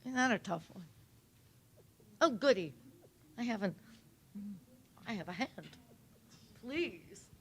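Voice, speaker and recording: A woman's voice: fairly high pitch, lively intonation, slow pace, long pauses, a little hiss or hum. A woman facilitating a recovery workshop, cheerfully thanking each speaker and passing the mic. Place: meeting room at a workshop.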